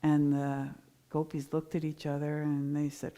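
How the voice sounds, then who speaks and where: A middle-aged woman giving a Sunday sermon, telling a story in a lively, animated way. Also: low voice, moderate pace. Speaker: minister giving a Sunday talk.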